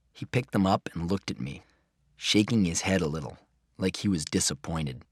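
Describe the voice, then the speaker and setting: A man reading a children's chapter book aloud in an expressive first-person narration. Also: low voice, moderate pace, dry recording, clean studio sound. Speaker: audiobook reader.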